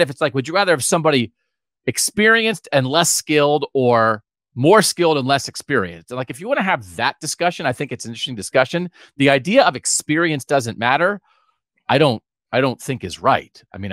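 A man's voice: mid-range voice, fairly bright tone, no room sound, studio quality. A man co-hosting a sports podcast, chatting animatedly and thinking aloud. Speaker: podcast co-host. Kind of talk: casual sports talk podcast.

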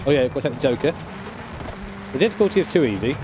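A man's voice: mid-range voice, animated, fast talker. Male streamer, casual and jokey, swears a lot, game engine noise underneath. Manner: casual, joking, swears freely. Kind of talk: live-stream gaming commentary. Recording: game car noise behind. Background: racing game engine sounds.

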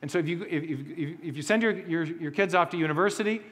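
A man's voice: a little high, quick pace, fairly bright tone, in a large hall. A man giving a conversational lecture to a live audience, with joking asides and frequent restarts.

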